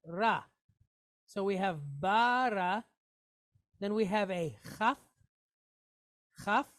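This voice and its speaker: A woman leads a Hebrew reading class at an unhurried, very slow pace. She sounds out every letter and vowel patiently. She repeats each syllable before joining them into a word. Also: medium pitch. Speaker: Hebrew teacher. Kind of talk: reading lesson, sounding out words.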